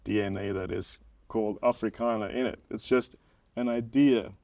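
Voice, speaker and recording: Young South African man, low voice, dry close sound, chatty explainer who hedges a lot. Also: fairly even intonation, normal speed, darkish tone, dry recording. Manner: explanatory, hedging with many "like"s, laughs easily. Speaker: guest documentary maker. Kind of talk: casual podcast chat.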